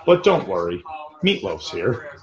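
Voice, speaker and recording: A man's voice: fairly low pitch, unhurried. A man co-hosting a podcast, chatting crudely and laughing as he comments on a movie. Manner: animated, crude, laughing, acts out quotes. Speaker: podcast co-host. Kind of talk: casual movie commentary chat. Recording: roomy, dull lo-fi podcast audio.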